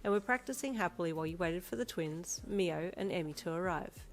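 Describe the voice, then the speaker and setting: Brief: woman narrator, second-person story reading, lively and expressive. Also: lowish voice, brisk. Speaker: fan fiction reader.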